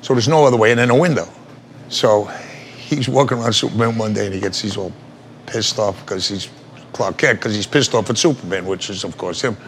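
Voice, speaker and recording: A man's voice: lowish voice, fairly quick, a little hiss or hum. An older man, an actor being interviewed, telling rambling, salty stories and laughing as he goes. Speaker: actor guest. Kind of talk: casual anecdotal storytelling.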